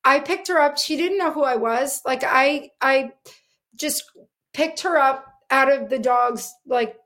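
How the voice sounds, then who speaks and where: Her high-pitched, a bit bright voice runs a little slow as she answers interview questions. She's a middle-aged dog trainer, explaining things earnestly and filling her speech with many fillers.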